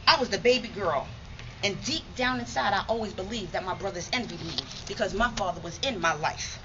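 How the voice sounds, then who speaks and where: A woman's voice: mid-range voice, brisk, highs cut off, noisy background. A woman from New York performing a dramatic spoken monologue in a rhythmic, emphatic, streetwise way.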